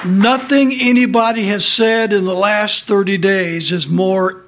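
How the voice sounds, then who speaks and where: A middle-aged man with a notably high-pitched voice reads commentary aloud in an indignant tone. He takes his time and drags the words out, marking each quotation with a spoken "quote" and "close quote". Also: fairly even intonation, a little slow, heavy background noise.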